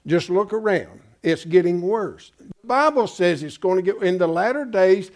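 A man's voice: high-pitched, expressive, moderate pace, darkish tone. A man preaching a Bible-study sermon, emphatic and folksy, often asking his congregation rhetorical questions. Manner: folksy, calls listeners "folks".

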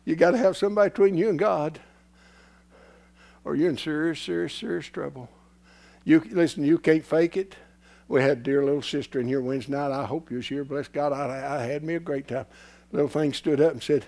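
A man preaching a sermon in a folksy, repetitive way, swinging from hushed whispers to shouts as his voice gives out. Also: on the high side, a little fast, vocal fry. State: losing his voice.

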